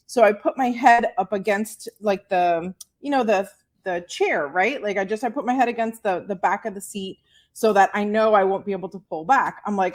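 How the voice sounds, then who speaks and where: A woman in her forties tells a story in relaxed podcast chat. She is animated and quick to laugh, and she slips into little voices for the people in her tale. Her voice sits at a middling pitch. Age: 40s. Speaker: podcast guest. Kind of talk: casual storytelling.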